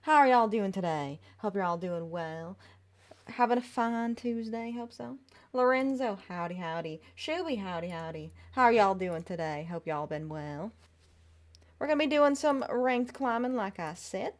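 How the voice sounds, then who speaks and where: A woman voicing a sweet, motherly Southern woman with a put-on Southern US accent and folksy, drawn-out greetings during a live game stream. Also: mid-range voice, lively intonation, lightly acted. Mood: genteel.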